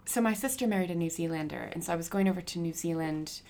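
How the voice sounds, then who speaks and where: A woman, a graffiti artist guest, talking in a relaxed, enthusiastic way in casual conversation. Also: on the low side, fast.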